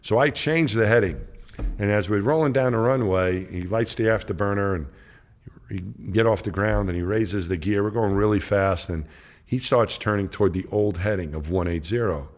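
Speaking at a normal pace in a lowish voice, this middle-aged man is a former astronaut guesting on an interview show. He rambles through a long anecdote in a casual storytelling way, voicing the dialogue of each person involved.

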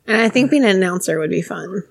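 A woman's voice: medium pitch, lively intonation, fast talker, gravelly, slight background noise. A woman co-hosting a podcast in casual chat, mostly giving short agreeing replies and laughing easily. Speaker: podcast co-host.

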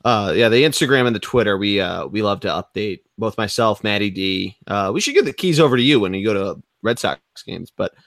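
A man's voice: fairly low pitch, brisk, gravelly, few pauses, no room sound. Laid-back young man on a dry podcast mic. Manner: relaxed, rambling, swears casually. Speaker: podcast co-host. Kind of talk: casual sports podcast chat.

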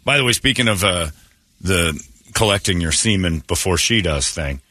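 A man's voice: low voice, expressive, moderate pace, bright, forceful tone, dry recording, clean studio sound. A man hosting a morning radio show, joking loosely and rambling through crude stories with frequent laughs.

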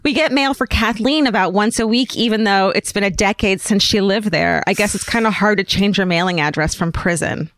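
A woman co-hosting a podcast, reading a listener's letter aloud with animated storytelling. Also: mid-range voice, fairly quick, few pauses. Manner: animated storytelling, lively delivery. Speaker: podcast co-host.

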